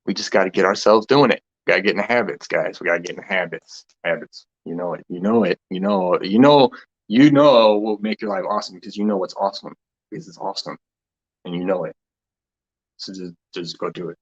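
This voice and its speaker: A man's voice: low-pitched, fast, dull audio. A man hosting a casual spiritual talk session. He rambles and meanders, laughs often, and trails off mid-thought.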